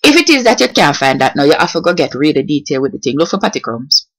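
A woman with a Jamaican accent doing a comedic vlog, animated and slipping in and out of patois. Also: deep voice, fast. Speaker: comedic vlogger.

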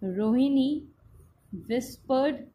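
A woman teacher with an Indian English accent, giving a slow, patient class lesson that spells out each step. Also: sits high, dark tone.

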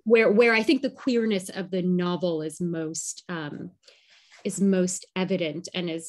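A woman scholar on a video call, chatting with quick jokes and reading a literary passage aloud slowly. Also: on the low side. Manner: animated, joking, reads literary passages slowly. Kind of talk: casual conversation and reading aloud.

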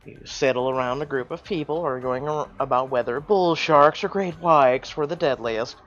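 Casting: a man playing through a story game out loud, animated, exclaiming, muffled track with faint music. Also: mid-range voice, moderate pace. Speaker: story game player reading aloud. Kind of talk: reading a story game aloud with reactions.

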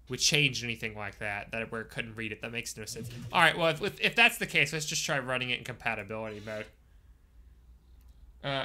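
A man giving casual live-stream commentary while playing a game, chatting with viewers and breaking into sudden excited outbursts. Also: medium pitch. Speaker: gaming streamer.

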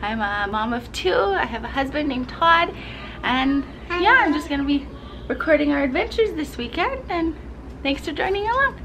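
Nasal from a cold, this family vlogger films on a handheld camera and chats sweetly and gigglingly with her children. Her voice is high and animated, at normal speed, with background noise behind it.

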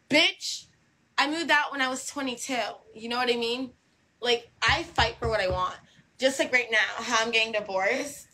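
A woman's voice: fairly high pitch, a little fast, sharp tone, slight background noise, low-quality recording. A young woman in a casual monologue to camera, talking in a brash, combative and repetitive way and swearing freely.

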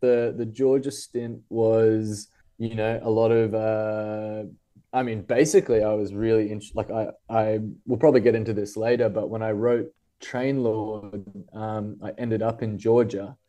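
A man's voice: lowish voice, flat delivery, unhurried, mellow, lo-fi sound. A man with an Australian accent, a guest writer talking casually in a podcast interview, rambling and thoughtful with many fillers and restarts.

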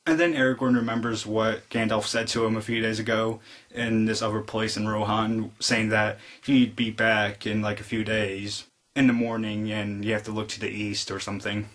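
A man giving a casual spoken film review, retelling scenes in a rambling way full of fillers and jumping into excited re-enactments of the characters' lines. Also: fairly low pitch, normal speed. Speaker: movie reviewer.

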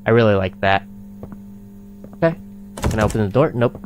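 A man giving live gameplay commentary as a streamer, excitable and panicky, laughing often. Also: lowish voice, moderate pace, long pauses, music in the background. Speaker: game streamer.

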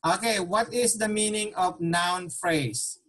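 Patient Filipino-accented male teacher, slow. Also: sits high, fairly bright tone. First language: Tagalog. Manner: patient, checks in with "okay?" constantly. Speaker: language teacher. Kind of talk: online language lesson.

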